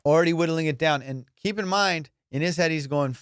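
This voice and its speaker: A man hosting a podcast, telling a story in casual chat, animated and profane, acting out both sides of a conversation. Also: a little high, a little fast, hardly any pauses, clear, resonant tone. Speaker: podcast host.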